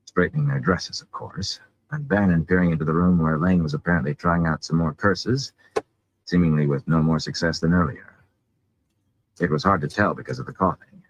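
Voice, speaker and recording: A man reading a fantasy novel aloud in an expressive way. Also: low-pitched, breathy edge, dull audio. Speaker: audiobook reader.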